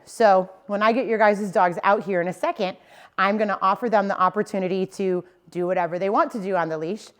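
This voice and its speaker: Casual woman trainer explaining dog training. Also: medium pitch. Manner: casual and explanatory, often checking in with "okay?" and "right?". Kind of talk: instructional talk to dog owners.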